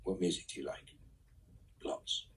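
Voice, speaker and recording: A man's voice: a little slow, a bit bright, far from the mic, low-quality recording. A middle-aged man reading fan questions aloud on a live stream and answering them with dry, wry quips. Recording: voice set back from the mic.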